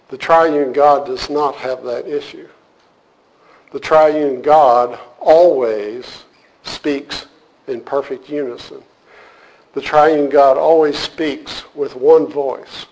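A man's voice: on the high side, darkish tone, poor audio. A man teaching a church group in a casual, joking way, then turning earnest as he explains a point. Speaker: teacher leading a church class. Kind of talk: casual sermon to a live group.

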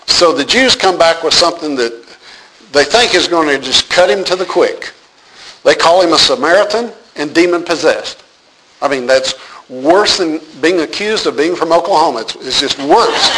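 A man's voice: fairly high pitch, animated, unhurried, background noise. A man teaching a Bible passage, reading verses aloud and explaining them with humor and rhetorical questions.

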